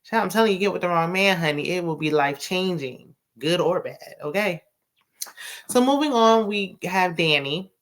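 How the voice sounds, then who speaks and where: A woman's voice: on the low side, expressive, normal speed. A woman recapping a TV drama in a chatty, sassy way, full of slang and asides. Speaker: TV recap host. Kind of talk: casual TV recap chat.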